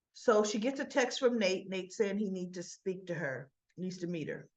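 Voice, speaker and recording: A woman's voice: medium pitch, lively intonation, normal speed, hardly any pauses, darkish tone, lo-fi sound. A woman giving a casual spoken recap of a soap opera episode, quoting the characters and throwing in chatty asides.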